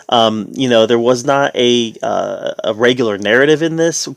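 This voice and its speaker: A man giving a casual spoken review, relaxed and conversational, with the odd sarcastic aside. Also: medium pitch, normal speed, gravelly, few pauses, no room sound.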